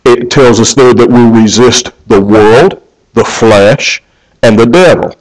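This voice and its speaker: A man's voice: medium pitch, rough recording. A male pastor preaching a sermon in an earnest way, often restarting and repeating words.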